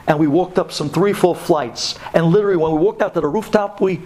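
A man from Brooklyn tells a religious story with plenty of feeling. His voice sits a little high for a man, and he moves between near-whispers and loud, half-sung lines. It has the sound of a radio talk show. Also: a little fast. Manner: dramatic, swings from hushed to loud and sung.

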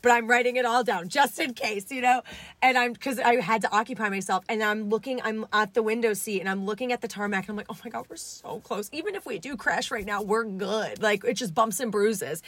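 A young woman telling a story in a casual interview, lively and acting out the voices of people she quotes. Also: fairly high pitch, a little fast, dry recording. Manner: animated, acts out quoted voices. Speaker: guest, essay writer.

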